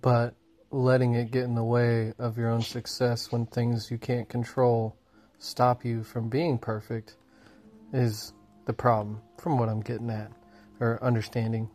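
Male caller, voice message, flat monotone, measured; faint music behind. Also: medium pitch.

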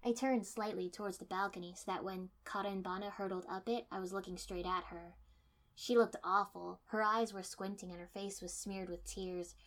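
A woman reading a first-person fiction story aloud in steady storytelling, dipping to soft menace. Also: mid-range voice, moderate pace. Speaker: narrator.

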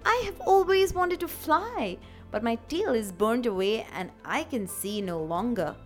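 A little brown squirrel in a children's storybook, small and scared, squeaking high and thin, as a woman puts him on. Soft music plays faintly underneath. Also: expressive, a little slow. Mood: wistful. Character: little brown male squirrel, frightened and pleading.

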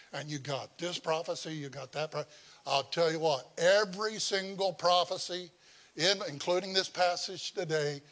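Animated, slightly high-voiced male preacher. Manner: animated, conversational, chuckles while telling stories. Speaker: pastor. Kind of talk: sermon with personal storytelling.

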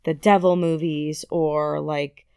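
A woman's voice: deep voice, slow pace, gravelly, clear, resonant tone, no room sound, clean studio sound. A woman guesting on her partner's podcast, chatting casually and laughing often. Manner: giggly, expressive, swears casually. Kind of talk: casual chat.

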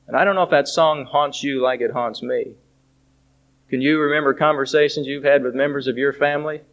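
A middle-aged man preaching a sermon, telling stories about his family and reciting song lyrics in an earnest, slow manner. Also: medium pitch, fairly even intonation. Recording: dull lo-fi recording.

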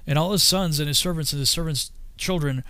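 A man reading an old scripture text aloud in a solemn, measured way, sometimes slipping and correcting himself. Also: fairly high pitch, bright, forceful tone, clean tone, no room sound. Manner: solemn, archaic phrasing with occasional slips and self-corrections. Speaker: reader.

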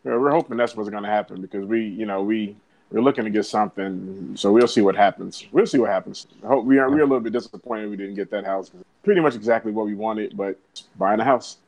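A man's voice: lowish voice, quick pace, darkish tone, poor audio. A man co-hosting a podcast, easygoing and plain-spoken in casual chat. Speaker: podcast co-host.

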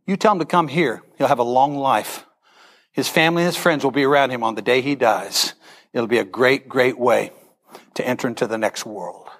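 A man's voice: mid-range voice, normal speed, a bit bright. A middle-aged male pastor telling a Bible story in a sermon, acting out the characters' lines with animation.

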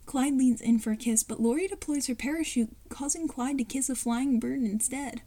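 A woman narrates a fan-written cartoon story at home, breaking off for chatty asides and brushing past her stumbles. Her voice is fairly high yet mellow and soft-toned, picked up on a home computer mic. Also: moderate pace, few pauses. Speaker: fan-fiction reader and narrator. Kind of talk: reading a fan script aloud at home.

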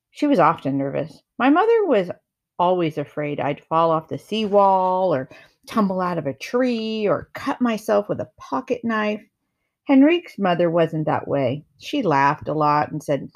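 A woman reading a first-person novel chapter aloud in a calm, measured storytelling manner. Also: fairly low pitch. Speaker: reader.

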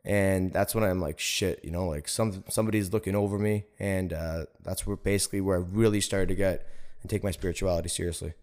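Rambling, slightly low-voiced man telling a story. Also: steady tone, fast, darkish tone. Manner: rambling, heavy use of "like" and "right?". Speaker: podcast guest. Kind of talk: personal storytelling in conversation.

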